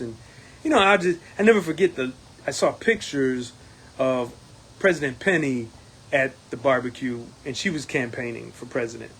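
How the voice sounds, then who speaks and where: A man's voice: mid-range voice, unhurried, long pauses, fairly bright tone, a little hiss or hum, low-quality recording. A man, a union steward running for local president, recapping an event in a casual talking-to-camera monologue, emphatic and defiant, with many fillers and restarts.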